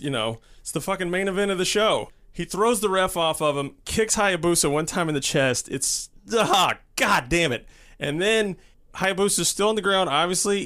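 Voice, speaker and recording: A man's voice: fairly high pitch, fairly bright tone, smooth. A man co-hosting a podcast in casual chat, retelling what he watched in an emphatic way and swearing freely. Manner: emphatic, profane, vivid retelling. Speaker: podcast co-host.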